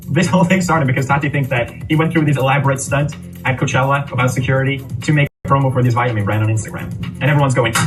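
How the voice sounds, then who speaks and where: Fast-talking male commentator over music. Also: medium pitch. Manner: critical, opinionated. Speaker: online commentator. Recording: distant voice with music underneath.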